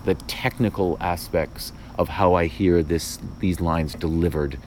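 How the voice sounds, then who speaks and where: Low-pitched male playwright host, thoughtful and halting, light noise underneath. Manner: thoughtful, restarts often, animated asides. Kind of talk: casual conversation.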